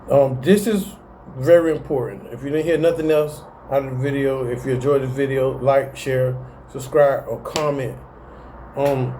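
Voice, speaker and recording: Speaking to camera in a casual motivational self-help video, a man with a mid-range, darkish voice talks animatedly in slang. He often laughs at himself, and a little hiss or hum runs underneath.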